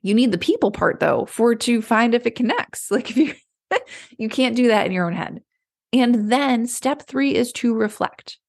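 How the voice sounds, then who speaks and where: A woman coach talks in a relaxed, conversational way, as if chatting with a friend. Her voice carries a noticeable gravelly fry. She keeps slipping into little acted-out inner voices to make her point. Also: on the high side, normal speed. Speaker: clarity coach. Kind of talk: casual motivational talk.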